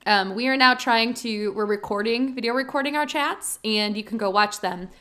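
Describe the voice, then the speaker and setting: A woman's voice: fairly high pitch, normal speed, pushed and bright. A woman co-hosting a podcast, chatting in an upbeat, giggly and earnest way. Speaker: podcast co-host. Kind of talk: casual chat.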